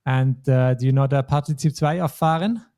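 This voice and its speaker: A man's voice: medium pitch, a little fast, mellow. A man teaching a language lesson, explaining patiently step by step. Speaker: German teacher.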